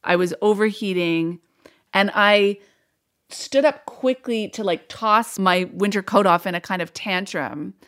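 A woman's voice: mid-range voice, a little slow, a bit bright. A woman, an interview guest, recounting a personal experience in a candid, reflective and wry way.

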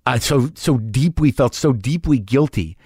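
A man recounts a painful story in an expressive, swearing voice that rises and falls widely. It is recorded close to the mic with almost no room sound. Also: medium pitch, a little slow, breathy edge, dry recording. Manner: animated, profane, emotional, acts out his own past lines. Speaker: comedian. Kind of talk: storytelling in conversation.

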